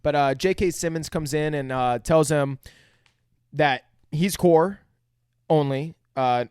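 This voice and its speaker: A man co-hosting a casual movie review podcast, swearing freely and acting out quotes loudly. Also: on the high side, slow pace, clean tone, no room sound, studio quality. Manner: profane, loud acted-out quotes. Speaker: podcast co-host.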